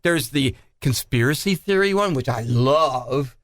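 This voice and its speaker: A man's voice: mid-range voice, a little slow, no echo, studio quality. An older man co-hosting a radio show, chatting casually and telling stories with enthusiasm. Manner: enthusiastic, animated storyteller. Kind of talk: casual chat.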